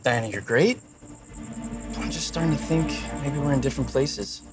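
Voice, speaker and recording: An actor playing a calm, hesitant boyfriend who is ending a relationship, heard in a film clip. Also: male voice, medium pitch, moderate pace, lightly acted. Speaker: film character. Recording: film clip over music. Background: film score music.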